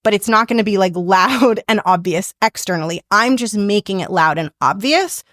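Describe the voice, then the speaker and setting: A woman's voice: mid-range voice, normal speed, fairly bright tone, no room sound. Dry, casual woman voice coach. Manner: casual, upbeat, teacherly, with frequent "like" fillers. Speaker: podcast host and voice coach. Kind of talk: instructional podcast talk.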